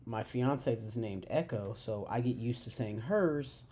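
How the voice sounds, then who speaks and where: A writer hosting a livestream, chatting casually and haltingly, with many fillers and restarts. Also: medium pitch, expressive, mellow. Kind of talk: casual chat.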